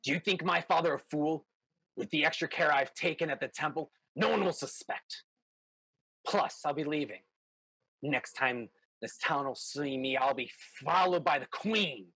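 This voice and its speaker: A man's voice: a little high, moderate pace, creaky, sharp tone, husky, no room sound, full character voice. A man voicing an arrogant, scornful woman who speaks in a haughty, dismissive way.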